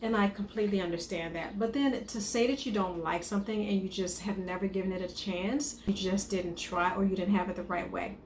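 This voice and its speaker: Woman chef-coach, mid-pitched, casual advice to camera, reverberant room. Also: steady tone, a little fast, few pauses, darkish tone. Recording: echoey room with faint noise.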